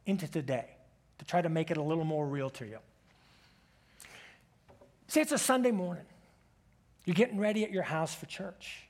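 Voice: medium pitch, husky. A preacher giving a sermon who walks listeners through an imagined story in the second person and presses them with direct questions. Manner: asks the congregation many direct questions.

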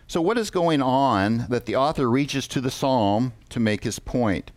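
A man's voice: fairly low pitch, expressive, no echo. A man preaching a sermon, reading scripture aloud and asking the congregation questions. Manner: interactive, asks the congregation questions; reads scripture aloud in a measured voice.

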